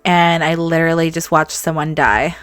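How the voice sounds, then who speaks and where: A weary, shaken young woman from a life-sim game, as a woman quotes her, sounding exasperated and worn out. The voice stays smooth and clear with a dry, close sound. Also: sits low, steady tone, normal speed, fairly bright tone, no room sound, faint music behind.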